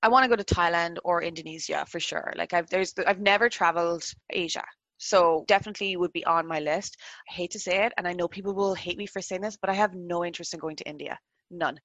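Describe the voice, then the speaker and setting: An Irish woman in her thirties chatting casually on a video call, animated and full of "like" fillers. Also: on the low side, fast talker, no echo, lo-fi sound. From Ireland. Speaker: interview guest.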